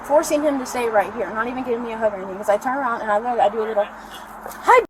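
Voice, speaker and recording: A woman's voice: on the high side, very fast. A woman rambling breathlessly as she recounts events to police outdoors, heard through a body camera. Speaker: arrested mother. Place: outdoors by a store parking lot. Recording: noisy body cam audio outdoors.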